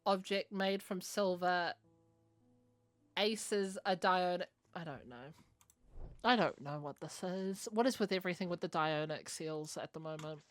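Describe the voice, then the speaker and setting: Brief: woman streamer, mid-pitched, slow and rambling gameplay chat. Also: a bit bright, no echo. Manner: meandering, hesitant, trailing off. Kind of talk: casual gameplay commentary.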